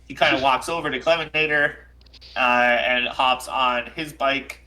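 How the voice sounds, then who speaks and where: A man running a tabletop session, narrating distances and dice results in an offhand, conversational way. His voice is bright and forward, and his pitch sits in the middle range. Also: fairly even intonation, unhurried. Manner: casual, fillers, counting out dice rolls. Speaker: game master.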